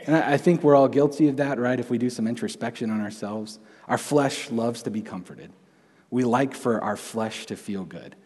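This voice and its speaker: A young adult man giving a sermon in a relaxed, conversational way, often restarting his sentences and adding asides. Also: medium pitch, moderate pace, breathy edge. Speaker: preacher. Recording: long hall reverb.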